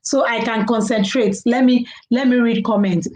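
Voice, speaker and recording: A woman's voice: a little high, fairly even intonation, normal speed, darkish tone, rough recording. A middle-aged woman, chatting casually on a live stream, laughing often and talking to viewers. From Nigeria. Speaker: live-stream host reading viewer comments.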